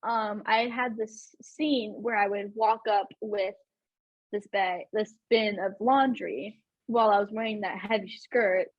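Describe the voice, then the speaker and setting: Young woman podcast host chatting away, kinda breathy, dry close sound. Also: medium pitch, steady tone, unhurried, no room sound, muffled recording. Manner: chatty, lots of fillers and laughs. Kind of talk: casual chat.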